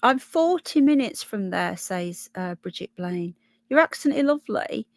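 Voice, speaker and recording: A woman's voice: medium pitch, expressive, moderate pace, no echo. Chatty Brummie woman, dry close sound. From Birmingham, England. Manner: chatty, thinks aloud, stumbles over names. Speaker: livestream host. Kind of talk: casual live chat reading news and viewer comments.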